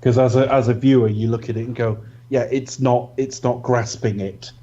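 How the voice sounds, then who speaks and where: A man's voice: mid-range voice, fairly even intonation, moderate pace, mellow. A man co-hosting a podcast, explaining film scenes in thoughtful, casual chat. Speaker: podcast co-host. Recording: muffled lo-fi mic.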